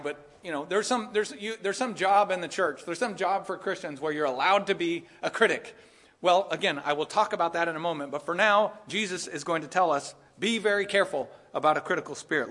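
Bright-voiced preacher man, loud emphatic swings. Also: high-pitched. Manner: sarcastic asides. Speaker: pastor. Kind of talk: sermon.

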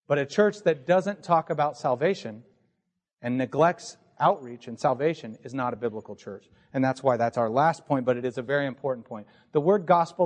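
Guy preaching in church, kinda high voice for a man, earnest, keeps asking the room questions. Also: a little mellow. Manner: earnest teaching tone, rhetorical questions. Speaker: pastor. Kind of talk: sermon. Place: church sanctuary.

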